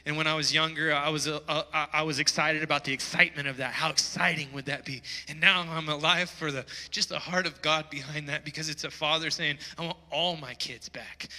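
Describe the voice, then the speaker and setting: In a church hall full of long reverb, a high-voiced pastor delivers his sermon with a bright, forceful tone. He weaves in stories and presses the congregation hard, his calls to wake up rising with urgency.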